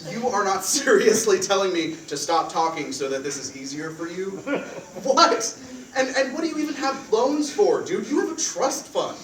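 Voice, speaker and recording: A man's voice: high-pitched, animated, moderate pace, fairly bright tone. A young male student actor playing a chatty, laughing roommate on a theater stage. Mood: exasperated. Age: young adult. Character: rambling laid-back young male roommate. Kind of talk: live stage reading. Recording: echoey theater from far off, noisy.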